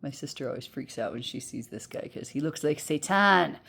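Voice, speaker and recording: A woman's voice: deep voice, expressive, a little fast, vocal fry, a bit bright, breathy edge. A woman in her thirties giving a casual pick-a-card tarot reading at home into earbuds, chatty and rambling, with frequent laughs and fillers. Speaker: tarot reader.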